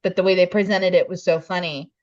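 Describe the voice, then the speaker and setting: A woman co-hosting a podcast, chatting casually about a film and lively in how she retells its scenes. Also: lowish voice, no room sound, muffled recording. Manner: animated, acts out scenes in quick voices. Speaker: podcast co-host. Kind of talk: casual film review chat.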